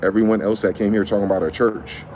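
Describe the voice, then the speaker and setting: A man's voice: fairly low pitch, fairly even intonation, quick pace, darkish tone, a little hiss or hum. A man vlogging in a heated monologue, reading a document aloud and breaking off into angry, profane rhetorical questions.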